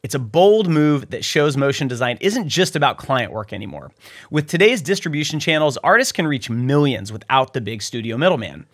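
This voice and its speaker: A man's voice: mid-range voice, expressive, fairly quick. A man hosting a scripted news roundup, upbeat and jokey with playful asides. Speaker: show host.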